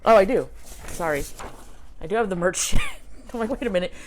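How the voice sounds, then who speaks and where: A woman's voice: mid-range voice, lively intonation, moderate pace, slight background noise. A woman hosting a casual vlog at home, rambling and chatty, often laughing as she talks. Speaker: vlog host showing records. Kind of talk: casual chat. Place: home near a railway.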